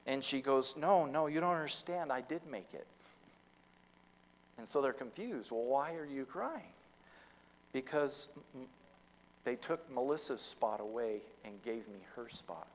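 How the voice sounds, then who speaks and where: A man's voice: mid-range voice, lively intonation, a little slow, long pauses, slight background noise, rough recording. A man preaching a sermon as pastor, telling a story with many fillers and restarts, his volume rising and falling. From United States.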